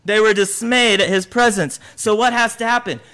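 A man preaching a sermon, lively and animated, acting out the voices of the people he quotes. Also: high-pitched, moderate pace, clean tone. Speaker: pastor.

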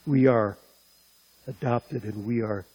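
A male preacher delivering a sermon, impassioned and speaking directly to his listeners, pushing his voice higher and louder on key points. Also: fairly even intonation, slow pace, no echo, dull audio. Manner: impassioned, rising in pitch and loudness on key points.

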